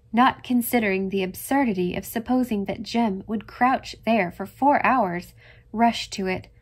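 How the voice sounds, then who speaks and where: A woman narrating a classic novel in a measured, expressive audiobook reading. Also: mid-range voice, breathy edge.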